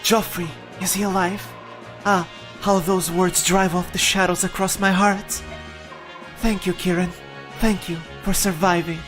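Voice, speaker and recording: A gentle young princess who speaks softly and earnestly, as a man voices her. The voice is pushed up high. Game music is clearly audible behind her. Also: level tone, unhurried. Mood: relieved.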